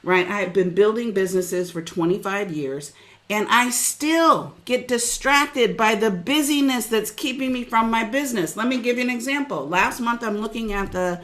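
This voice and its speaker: Speaking at a medium pitch, a middle-aged woman coaches on business in a lively, preachy webinar, calling on individual listeners by name.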